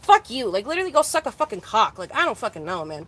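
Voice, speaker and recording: Woman, high bright voice, casual rambling rant, heavy swearing, frustrated. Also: big pitch swings, quick pace, a little hiss or hum. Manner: exasperated, swears constantly, rambling with many restarts. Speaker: streamer. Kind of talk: casual venting monologue.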